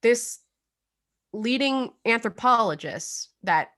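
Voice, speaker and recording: A woman's voice: a little high, lively intonation, slow pace, fairly bright tone. A young adult woman co-hosting a casual true-crime podcast, chatty and full of fillers, laughing now and then. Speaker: podcast co-host.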